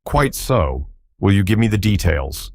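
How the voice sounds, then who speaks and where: A man voicing a brisk, confident young detective who speaks crisply and grandly. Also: fairly low pitch, very animated, a little mellow, no echo, exaggerated voice.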